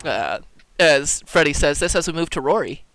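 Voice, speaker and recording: A man's voice: fairly high pitch, sing-song, moderate pace, a bit bright, rough recording. A man narrating as game master for a tabletop game, casual and laid-back, with plenty of ums.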